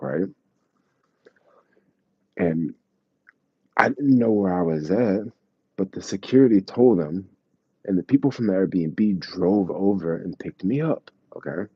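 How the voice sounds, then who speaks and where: A man casually telling his travel stories to a live chat, slangy and animated, acting out the people he quotes. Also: low-pitched, husky, no echo, dull audio. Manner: animated, acts out quoted voices, laughs, slangy.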